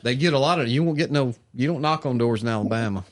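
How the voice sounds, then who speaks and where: A man's voice: mid-range voice, fast. Folksy man telling hunting stories. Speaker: podcast co-host. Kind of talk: casual chat.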